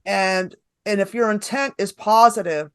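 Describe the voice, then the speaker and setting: A New York stand-up comedian appears as a podcast guest, chatting casually and telling animated stories with acted-out quotes. Her voice is mid-range and smooth, her pace unhurried, with no echo.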